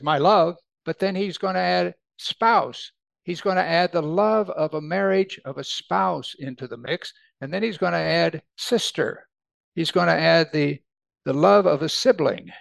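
A man preaching a conversational sermon who grows animated when he quotes scripture. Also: fairly high pitch, creaky, dry recording. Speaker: pastor.

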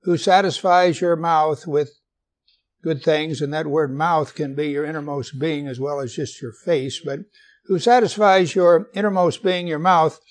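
A man's voice: a little high, fairly even intonation, measured pace. A man preaching a sermon, reading scripture aloud and asking his listeners questions, with light humor. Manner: asks the congregation questions, jokes gently.

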